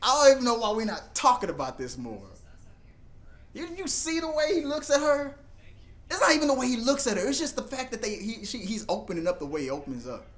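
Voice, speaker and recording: A young man hosting a live TV reaction, rambling and joking excitedly as he talks over the episode. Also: brisk. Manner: excitable, rambling, jumps into high put-on voices for jokes. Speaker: reaction video host.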